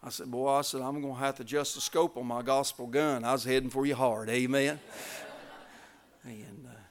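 A man preaching a revival sermon, telling stories and building to loud climaxes. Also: mid-range voice, fairly even intonation, normal speed.

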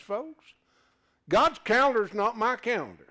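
Animated and a little slow, a man preaches to a live congregation he calls folks. He alternates between forceful, loud proclamations and soft, low asides.

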